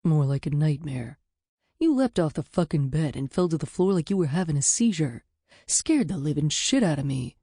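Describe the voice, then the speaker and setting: Woman doing a rough protective guy, blunt and profane, low dark voice, dry close read. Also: expressive, moderate pace, no echo, full character voice. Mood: worried. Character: rough, protective adult man who swears freely. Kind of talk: audiobook character voice.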